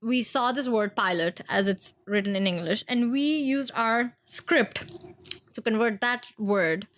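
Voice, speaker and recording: Woman with an Indian accent, podcast co-host, lively casual chat, slips into quoted voices. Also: on the high side, a little slow. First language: Hindi. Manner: animated, acts out quoted voices.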